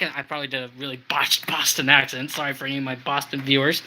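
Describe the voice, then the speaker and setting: A tired model railroad host chatting casually on a live stream, halting with many fillers and talking to the toy trains. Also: medium pitch, little pitch movement, sharp tone, a little hiss or hum, poor audio.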